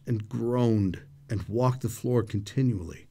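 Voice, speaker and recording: A man's voice: medium pitch, lively intonation, measured pace, a little mellow. A man reads historical quotations for a scripture study show, putting dramatic expression into the lines. His voice sits in an ordinary middle range. He shifts between plain explanation and more heightened reading. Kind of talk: reading historical quotes aloud.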